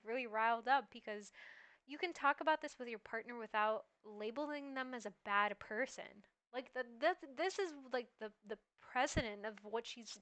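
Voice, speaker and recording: A woman streamer chatting casually in reaction to a video, rambling and animated with lots of "like". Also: fairly high pitch, clean tone. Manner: rambling and animated, heavy use of "like".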